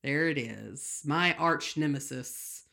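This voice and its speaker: A woman's voice: low voice, takes it slowly, gravelly, sharp tone. A woman from the United States co-hosting a casual podcast chat, questioning and playfully exasperated. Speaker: podcast co-host.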